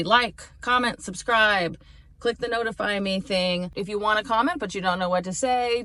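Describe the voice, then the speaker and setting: A woman's voice: medium pitch, a bit bright. A woman comedian talking casually to camera in a rambling, chatty way, laughing and swearing freely. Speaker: stand-up comedian.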